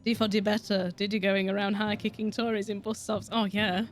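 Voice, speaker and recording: A woman's voice: mid-range voice, flat delivery, fairly quick, soft background music. A woman with a Yorkshire accent chatting casually on a game stream, swearing freely and laughing a lot. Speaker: streamer with a virtual avatar. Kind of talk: casual gaming stream chat.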